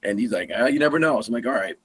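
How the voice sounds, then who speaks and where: Husky man telling a lively hunting story. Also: medium pitch, rapid-fire. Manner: animated, acts out sounds and quoted dialogue. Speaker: guest hunter. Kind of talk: casual storytelling.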